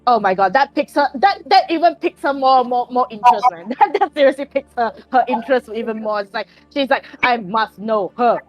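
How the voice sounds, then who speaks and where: A woman with a fairly high voice describing her character's moves in a tabletop game. She rambles, piling up fillers and giggling. Faint music sits under her voice. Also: lively intonation, fairly quick, few pauses, muffled recording. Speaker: player.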